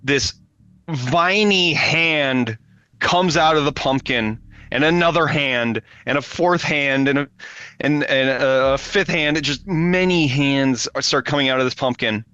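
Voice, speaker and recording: A man narrating as game master of a tabletop game, setting scenes in a halting, descriptive way. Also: fairly high pitch, bright, forceful tone, clean tone, no echo, lo-fi sound.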